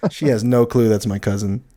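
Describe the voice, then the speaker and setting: A man's voice: fairly low pitch, warm tone. A man co-hosting a casual podcast, easygoing and laughing often while he tells stories. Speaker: co-host, musician.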